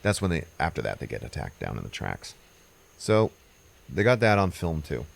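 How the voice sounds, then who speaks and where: A man with a very low, deep voice hosts a podcast and walks through a movie's plot. His delivery is loose and rambling, casual, with the odd curse thrown in. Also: very animated, normal speed, creaky. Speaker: podcast host.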